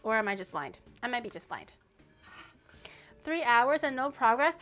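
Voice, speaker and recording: A woman's voice: on the high side, big pitch swings, moderate pace, pauses often, a bit bright, faint music behind. A woman streamer chatting casually with her viewers while baking in her kitchen, playful and teasing as she reacts to chat. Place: home kitchen.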